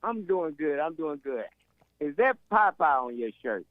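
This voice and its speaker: A man's voice: a little high, very animated, unhurried, no echo. A male caller on a call-in show, jokey and argumentative, lecturing the host about his views. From United States. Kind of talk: phone-in chat. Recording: tinny phone line.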